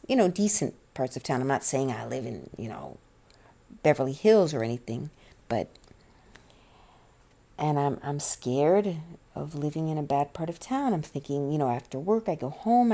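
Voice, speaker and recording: A middle-aged woman talking about her life in a rambling, halting way, near tears, full of restarts and fillers. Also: low voice, warm tone. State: tearful, on the verge of crying. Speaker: vlogger. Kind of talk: personal confessional vlog, soft-spoken.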